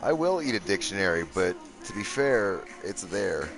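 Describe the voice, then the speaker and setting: A man's voice: sits low, very animated, normal speed, a bit bright, soft background music. A man streaming gameplay live and joking sarcastically with his chat while he builds.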